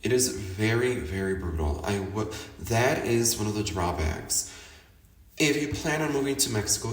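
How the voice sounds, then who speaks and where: A man's voice: on the low side, normal speed. A man from Chicago with a Chicago accent, talking casually and expressively about his life, laughing often and acting out what he said. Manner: chatty and expressive, laughs often, theatrical quoted asides. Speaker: podcast host. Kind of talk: casual personal monologue. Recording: roomy echo, somewhat distant from the mic.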